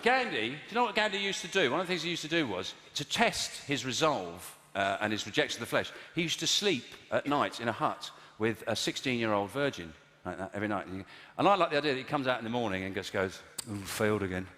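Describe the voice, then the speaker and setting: A man doing improvised stand-up comedy from audience suggestions, mixing deadpan asides with sudden loud bursts. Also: medium pitch, fast, few pauses. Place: large theatre with audience. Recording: echoey live hall, loud noise.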